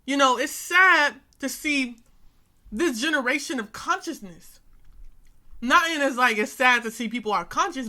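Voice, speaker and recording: A young woman hosts a reaction video, speaking casually and earnestly and repeating phrases for emphasis. Her high-sitting voice has a sharp tone, and she often fills with "you know what I'm saying."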